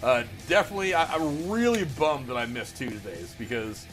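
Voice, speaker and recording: A man's voice: medium pitch, animated, normal speed, fairly bright tone, faint music behind. A man hosting a casual movie review show, chatty, laughing easily and restarting his sentences often. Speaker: podcast host.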